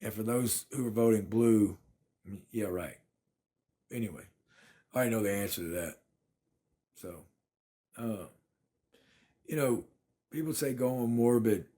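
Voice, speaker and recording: A man's voice: lowish voice, a little slow, long pauses, warm tone. A man, chatting casually on a phone livestream from his apartment and thanking viewers by name. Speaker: livestream host.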